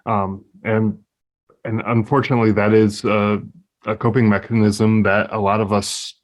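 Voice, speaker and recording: A man with a very deep, low voice hosts a podcast interview. He speaks in a measured, supportive way while putting questions to his guest. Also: flat delivery. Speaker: podcast host.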